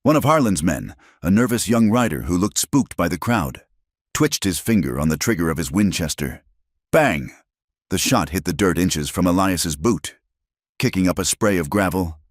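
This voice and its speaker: A man narrating a story in a very deep, low voice. His delivery is steady and dramatic. The recording is dry and close. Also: dry recording. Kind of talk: scripted narration.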